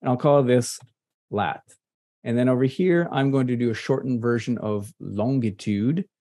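A man from Michigan with a Midwestern American accent, presenting a casual, playful software tutorial over a video call. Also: mid-range voice, normal speed. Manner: playful, nerdy asides, chatty and relaxed. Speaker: presenter at an online meetup. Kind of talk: casual screen-share tutorial. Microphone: computer mic on a video call.

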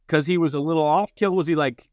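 Man, higher voice, podcast co-host, quick questions, dry close mic. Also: dry recording. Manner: quick interjecting questioner, self-described passive guy. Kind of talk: casual chat.

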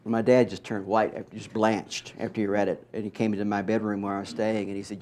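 A middle-aged man from Mississippi, an author being interviewed, telling stories in an animated, wry way and acting out what others said. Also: lowish voice, brisk, few pauses. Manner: animated, wry storyteller who acts out quotes. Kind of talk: storytelling in an interview.

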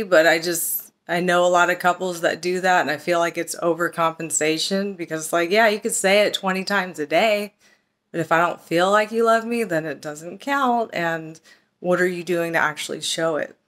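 Woman chatting in a fairly low voice. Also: steady tone, normal speed, fairly bright tone. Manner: chatty, storytelling, acts out quoted texts with lifted voice. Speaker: relationship and self-love coach. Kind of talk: casual talk to camera.

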